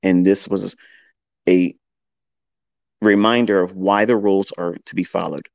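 A man's voice: low voice, steady tone, measured pace, vocal fry, dry recording, lo-fi sound. A man who teaches trading, giving an earnest lecture on a live audio chat and often repeating his points. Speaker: trading educator.

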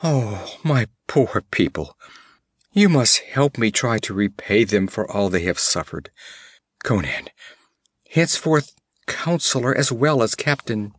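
A man voicing a gentle, frightened young queen who speaks softly and pleadingly, in a storybook reading. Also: fairly low pitch, animated, measured pace, breathy edge, no room sound. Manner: soft, pleading, breathless.

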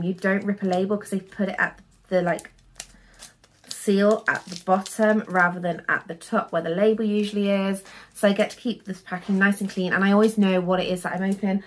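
A young woman in a casual haul vlog, talking in a chatty, rambling way full of fillers. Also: mid-range voice. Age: young adult. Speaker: vlogger.

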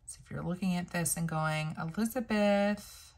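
A woman's voice: low-pitched, level tone, fairly quick, vocal fry, slight background noise, poor audio. A woman chatting casually to viewers while doing a planner crafting tutorial, thinking aloud as she works. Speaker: planner and sticker vlogger.

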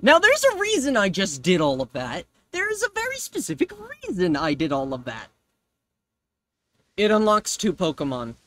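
A man's voice: high-pitched, huge pitch swings, normal speed, fairly bright tone. A man hosting a casual let's play, joking and rambling as he repeats himself over the game. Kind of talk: casual gameplay commentary.

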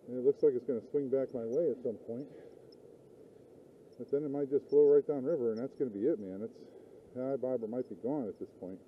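The same riverside fishing vlogger talks casually and rambles as he fishes, cursing whenever something goes wrong. His voice is mid-range, and the tinny lo-fi outdoor recording carries slight background noise.

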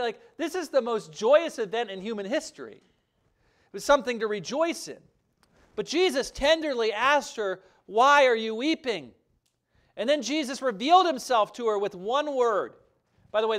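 A man preaching a sermon as pastor, earnest and emphatic, swelling louder and dropping soft. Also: sits high. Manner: earnest, emphatic preaching with rising and falling intensity.

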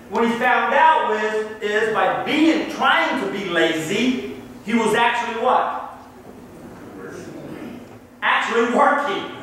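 A man's voice: very high voice, pushed and bright, a little hiss or hum. A man preaching a sermon in a church, telling stories and asking the congregation questions in a conversational way. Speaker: pastor. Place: church sanctuary. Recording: echoey church hall from far off.

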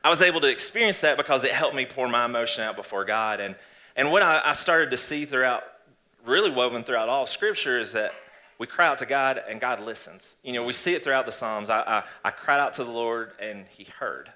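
A man in church, earnestly and reflectively telling his story of faith in a conversational testimony, with halting restarts. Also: mid-range voice, pushed and bright. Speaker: church guest sharing testimony. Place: church stage before an audience.

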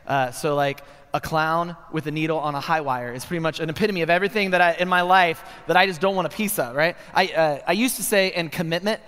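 A man's voice: on the high side, fast, few pauses, smooth. A man preaching in a university chapel, telling a comic story and tagging many lines with "right?". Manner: comic, animated storytelling with frequent "right?" asides. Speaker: chapel speaker. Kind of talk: humorous storytelling sermon. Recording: long hall reverb.

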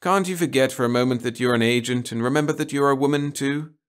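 A man's voice: mid-range voice, fast, clear, resonant tone, pitched above the performer's own voice, lightly acted. A man voicing a hungover, self-pitying male actor who pleads and whines, in a read-aloud story. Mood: whiny, pleading. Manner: pleading, whining.

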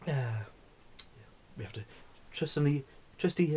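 A man rambles and curses through a drunken vlog rant, slurring and mumbling his profanity. His voice sits fairly high and moves at a measured pace, a little mellow, with a slight hiss or hum in the recording.

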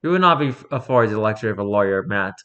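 A man's voice: lowish voice, expressive, rapid-fire, a bit bright, highs cut off. A man voicing a stern, detached male researcher doctor who gives orders to prisoners.

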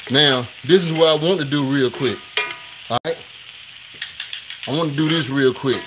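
Hurried man cooking live, pan sizzling. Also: medium pitch. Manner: hurried, talks straight to viewers, repeats himself. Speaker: cooking show host. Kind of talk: live cooking stream chat. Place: home kitchen at the stove. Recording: sizzling pan noise behind.

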